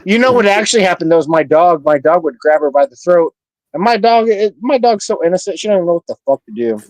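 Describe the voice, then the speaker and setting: Man on a live panel, fairly high voice, boisterous and foul-mouthed, dry close mic. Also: expressive, quick pace, no echo, low-quality recording. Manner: boisterous, profane, bragging. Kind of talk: casual livestream chat.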